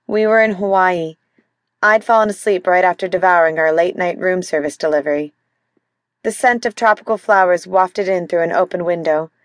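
A woman narrating a mystery audiobook in first person, calm and even. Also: fairly low pitch, no echo, studio quality.

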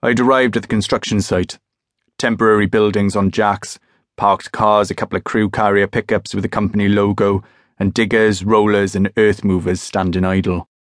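A man narrating a first-person crime novel audiobook in a wry, measured, deadpan manner. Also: on the low side, dry recording, clean studio sound. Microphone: close studio mic.

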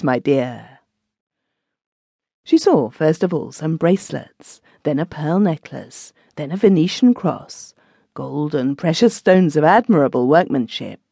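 A woman narrating a classic short story as an audiobook, in an expressive storytelling manner. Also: low-pitched, creaky, husky, no echo. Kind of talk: scripted narration.

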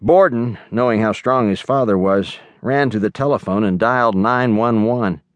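A man reading a children's novel aloud as the audiobook narrator, in a measured storytelling manner, recorded close on a studio mic. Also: lowish voice, no echo. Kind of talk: scripted narration.

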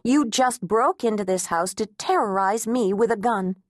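Narrator giving a high, loud feisty heroine, sharp defiant bluster, audiobook. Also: female voice, moderate pace, no echo, clean studio sound, lightly acted. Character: feisty frightened woman defending her home.

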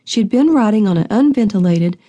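A woman narrating a historical romance audiobook in an even, steady reading voice. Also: mid-range voice, brisk. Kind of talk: scripted narration.

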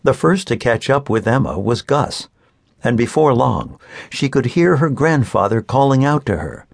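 A man reading a children's book aloud with expressive, animated storytelling. His pitch moves a lot, and the recording is dry and close with no room sound. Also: moderate pace, vocal fry, no echo. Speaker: audiobook narrator. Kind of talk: scripted narration of a children's book.

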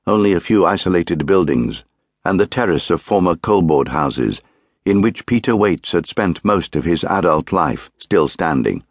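A man reads a crime novel aloud in a measured, grave, deliberate way. His voice is very deep and the recording is close and dry, with no room sound. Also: animated, dry recording. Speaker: audiobook narrator. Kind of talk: scripted narration.

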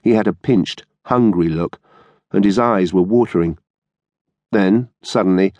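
A man narrating an audiobook in a measured, steady storytelling manner. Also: sits low, no room sound. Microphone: studio microphone.

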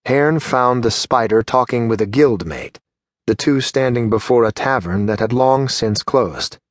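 A man narrating a fantasy audiobook in a measured, steady storytelling manner. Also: medium pitch, no echo, studio quality. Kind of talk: scripted narration.

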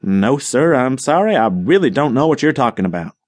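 A man's voice: mid-range voice, sing-song, a little fast, darkish tone, no room sound. A man voicing a polite, earnest young newcomer who speaks plainly.

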